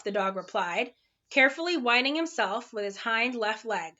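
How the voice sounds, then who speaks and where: A woman with a mid-range voice reads a children's storybook aloud at normal speed, bringing it to life expressively and animatedly. The sound is lo-fi.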